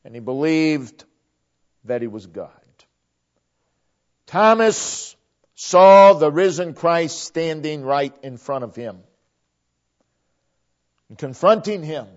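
A man's voice: a little high, expressive, slow, long pauses. A man preaching a sermon, emphatic, repeating phrases for stress. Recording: dull lo-fi recording.

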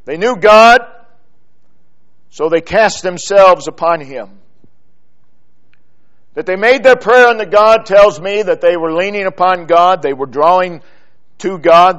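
A man preaching a sermon in a church, building from quiet, drawn-out phrases to loud, emphatic repetition. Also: high-pitched, lo-fi sound.

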